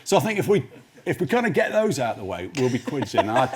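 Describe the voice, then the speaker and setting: A man's voice: mid-range voice, very animated, fast talker. A man, a guest writer telling rambling stories full of restarts on a studio chat show. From Nottinghamshire, England. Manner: rambling, self-interrupting storyteller. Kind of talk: anecdotal chat show interview. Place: TV studio with live audience.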